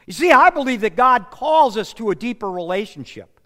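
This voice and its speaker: A man preaches a sermon with a high voice and a lively, sweeping delivery. He acts out the lines he quotes as he goes. The sound carries a long hall reverb. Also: normal speed. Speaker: pastor.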